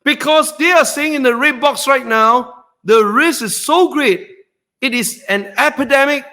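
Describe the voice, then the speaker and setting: A man hosting a stock trading webinar in a motivational style, excitable, shouting and whooping for emphasis, then dropping low and earnest for serious points. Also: a little slow.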